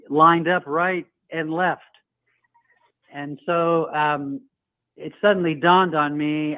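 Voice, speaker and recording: A man's voice: on the high side, dry recording. A man calling into a show and telling a personal story, acting out the voices of the people in it. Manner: storytelling, acts out quoted voices. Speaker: caller. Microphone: phone. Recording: tinny phone line.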